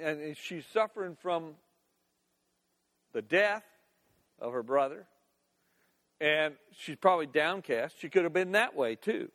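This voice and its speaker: An older man gives a sermon in a fairly high voice. He moves between reading scripture and chatty, down-to-earth comment. He acts scenes out in different voices as he goes. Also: lively intonation, takes it slowly, long pauses, a bit bright. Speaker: pastor.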